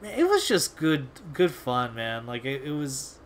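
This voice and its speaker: A man's voice: medium pitch, big pitch swings, a little slow, a little hiss or hum. A young man hosting a video, telling a casual story in a rambling, laid-back way with lots of fillers and swearing. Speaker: video host.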